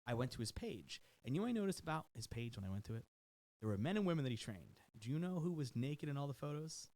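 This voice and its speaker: A man recounts a scandal on a podcast, his voice swinging widely in pitch as he gets worked up. He curses casually and slips into quick impressions of the people involved. It sounds like easygoing studio chat between friends. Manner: animated, profane, mimics people in his story. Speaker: guest, personal trainer.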